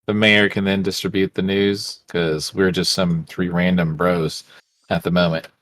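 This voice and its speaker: A man's voice: deep voice, little pitch movement, a little slow, fairly bright tone, no room sound. A man playing a tabletop game, speaking casually and matter-of-factly. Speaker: player.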